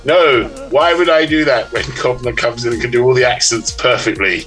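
This older man speaks. He chats casually as a guest, playful and self-mocking, in a bright, crisp-edged voice, with faint music underneath. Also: medium pitch, expressive. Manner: playful, wry, quick to mimic voices and laugh. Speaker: guest author. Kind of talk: casual interview chat.

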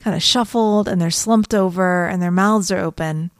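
A woman's voice: fairly low pitch, moderate pace, no echo. A middle-aged woman co-hosting a podcast, chatting with a wry, observant manner. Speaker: podcast co-host. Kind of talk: casual chat.

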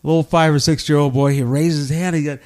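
A middle-aged man, a teacher and podcast co-host, telling stories in an animated, laughing way. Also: fairly high pitch, fast talker. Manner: animated storyteller, laughs often. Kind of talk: casual storytelling chat.

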